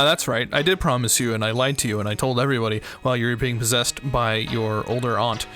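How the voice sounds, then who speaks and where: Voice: mid-range voice, fairly even intonation, quick pace, few pauses, a bit bright, soft background music. An American streamer joking sarcastically and reading game text aloud during a let's play.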